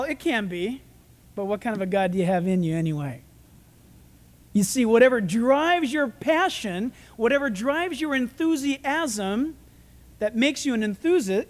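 A man preaching a sermon, animated, acting out voices and shouting for emphasis. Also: very high-pitched. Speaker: pastor. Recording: reverberant hall.

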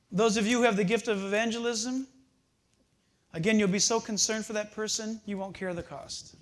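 An older man delivers a sermon in a high voice. He tells stories in an animated way and adds chuckling asides. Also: normal speed. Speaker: pastor.

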